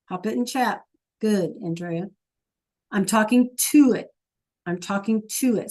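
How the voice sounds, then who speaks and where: Patiently coaxing her students, a woman in an online Spanish class fires off question after question through her computer microphone. Her voice sits at a medium pitch.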